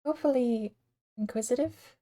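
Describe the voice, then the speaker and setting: A woman's voice: fairly high pitch, moderate pace, warm tone. A woman streaming a game, talking casually and thinking aloud in a rambling, self-deprecating way. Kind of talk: casual livestream commentary.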